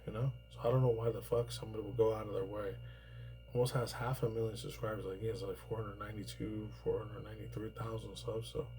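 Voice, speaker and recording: A man in his thirties talks through casual news commentary in a loose, rambling way, with plenty of swearing and filler words. His voice sits low and has a dark, mellow tone, with a faint hum of noise behind it. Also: poor audio. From New York. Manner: rambling, profane, heavy on fillers. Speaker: YouTuber reacting to news.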